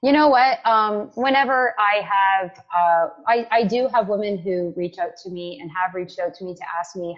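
A woman in her forties from Canada, speaking as a guest in a casual interview. She talks with lively energy in a mid-range voice. The sound is a little dull and lo-fi. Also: medium pitch, moderate pace, few pauses. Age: 40s. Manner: energetic, lively, frequent "like" and "right?". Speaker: guest, tech executive.

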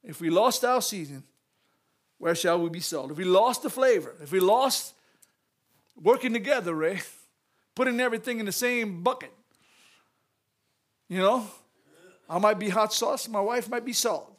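A man giving a lively church message, telling stories, repeating phrases and laughing often. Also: high-pitched, moderate pace, long pauses. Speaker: church speaker.

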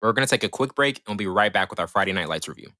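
A young man co-hosting a casual film-review podcast, talking quickly with lots of fillers and restarts. His voice is bright and forceful, and the dry, close sound leaves almost no room around him. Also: lowish voice, animated, dry recording. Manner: fast, eager, many restarts and fillers. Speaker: podcast co-host.

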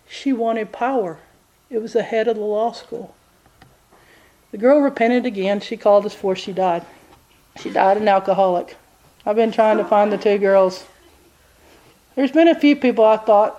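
A woman preaches in a high, bright register. She tells a personal story folksy and animated, the way a sermon runs. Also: normal speed, pauses often. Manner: animated, folksy storytelling, jumps into high voices for quoted people.

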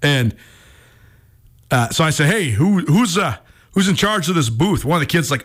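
A man in his thirties hosting a sports radio show, telling a story in a lively, self-mocking way with many restarts. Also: a little high, moderate pace, long pauses, slightly rough.

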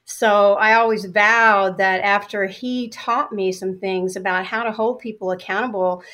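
A middle-aged woman being interviewed, telling a personal story in a lively way and acting out what she said back then. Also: mid-range voice, measured pace, hardly any pauses. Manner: animated storyteller acting out her own past replies. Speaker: guest.

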